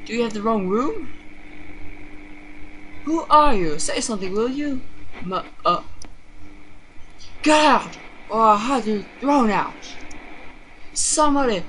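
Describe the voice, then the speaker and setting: A woman voicing a frightened, confused elderly mother in a hospital bed, who shouts shrilly and pleads. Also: on the high side, animated, fairly quick, slight background noise, pitched above the performer's own voice. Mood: panicked.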